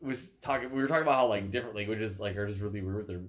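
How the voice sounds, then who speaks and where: A man's voice: fairly low pitch, very fast. A young American man co-hosting a podcast, casual and rambling, laughing often and full of fillers. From United States. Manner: giggly, rambling, lots of fillers. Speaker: podcast co-host. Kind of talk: casual chat.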